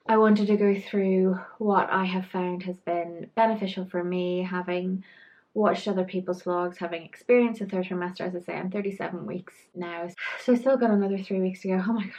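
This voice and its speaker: A woman's voice: medium pitch, darkish tone, dull audio. A woman talking in a casual, chatty vlog. She is out of breath, often apologizes, and sighs and laughs as she talks. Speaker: vlogger.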